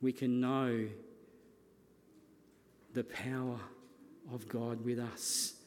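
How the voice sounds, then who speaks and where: Man, pastor, sermon, earnest, repeated phrases, slow, hall reverb. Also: mid-range voice, flat delivery, darkish tone, a little hiss or hum. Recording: long reverb of a large hall.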